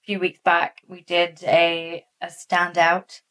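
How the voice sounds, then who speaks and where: A woman co-hosting a podcast from Massachusetts, telling stories in a casual, animated way with many fillers. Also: lowish voice, slow. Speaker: podcast co-host. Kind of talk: casual chat.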